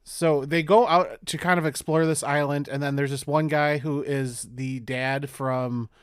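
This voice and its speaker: A man's voice: fairly high pitch, fairly even intonation, measured pace, clear, resonant tone, no room sound. A man co-hosting a podcast, recapping a movie in a rambling, profane way, with silly quoted voices. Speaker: podcast co-host. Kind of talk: casual chat.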